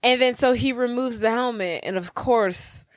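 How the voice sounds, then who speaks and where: A woman's voice: on the high side, moderate pace, no echo. A woman co-hosting a podcast, playfully retelling a film and voicing the characters' lines. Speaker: podcast co-host. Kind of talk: casual movie recap chat.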